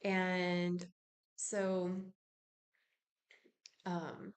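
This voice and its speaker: A woman's voice: lowish voice, monotone, drawn-out words. A woman who works as a spiritual practitioner, talking casually and meanderingly about spiritual ideas to her viewers, with lots of fillers and side tracks. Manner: meandering, with many fillers and digressions. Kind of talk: casual spiritual musing to camera.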